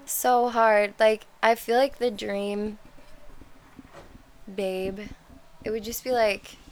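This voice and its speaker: Chatty creaky-voiced woman. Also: medium pitch, flat delivery, takes it slowly, a little hiss or hum. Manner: rambling, many fillers and restarts. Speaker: podcast co-host. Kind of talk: casual chat.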